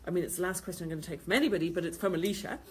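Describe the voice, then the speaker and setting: A woman's voice: on the low side, very fast, a little mellow, slight background noise. A woman host answering viewers' questions on baby sleep, giving practical advice and repeating key points. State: tired, yawning.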